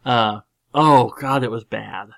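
A podcast host with a mid-range voice and noticeable vocal fry talks slowly about a film. His casual movie chat rambles, emphatic and full of fillers and restarts.

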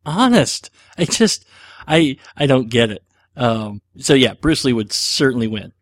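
A man's voice: medium pitch, animated, a little slow, no echo, clean studio sound. A middle-aged man hosting a podcast, answering listener questions in a rambling, self-deprecating casual chat with plenty of fillers.

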